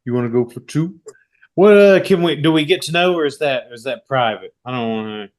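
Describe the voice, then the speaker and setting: A man's voice: mid-range voice, expressive, brisk. A man co-hosting a podcast in casual chat, wry and chuckling. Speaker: podcast co-host.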